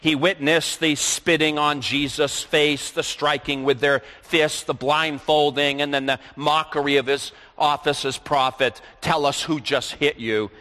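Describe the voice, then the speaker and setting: Male preacher, sermon delivery, bright and forceful voice, long reverb of a large hall. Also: on the high side, steady tone, unhurried, few pauses. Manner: reads scripture aloud, then explains it.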